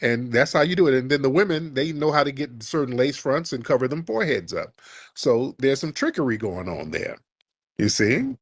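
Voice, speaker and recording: Host, male, mid-pitched, mocking and heated, dry studio sound. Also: big pitch swings, moderate pace, no echo. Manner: mocking, ranting. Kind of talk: heated call-in debate.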